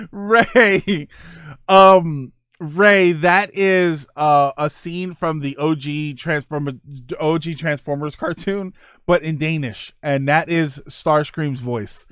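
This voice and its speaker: A man's voice: a little high, takes it slowly, fairly bright tone, smooth, no room sound, studio quality. A man in his forties hosting a casual livestream chat, rambling and enthusiastic, laughing often. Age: 40s. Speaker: streamer and host.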